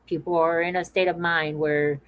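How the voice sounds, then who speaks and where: A woman's voice: lowish voice, flat delivery, moderate pace, clean tone, muffled recording. A woman hosting a discussion, talking earnestly and repeating phrases for emphasis. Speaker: podcast host. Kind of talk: earnest awareness talk.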